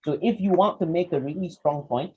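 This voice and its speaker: A young man leads a public speaking workshop. He moves through his slides in a lively way, stopping to ask his listeners questions. He slips into short acted examples to make each point. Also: a little high, husky, lo-fi sound. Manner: lively, acts out quick examples, asks the audience questions. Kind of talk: lecture presentation with slides.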